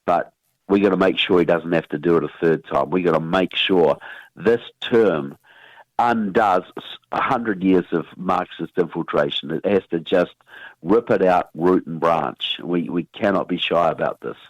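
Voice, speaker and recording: A man's voice: low-pitched, normal speed, dry recording, dull audio. A man with a New Zealand accent, speaking as a guest expert in a radio interview, making his points emphatically and often repeating words as he builds up to them.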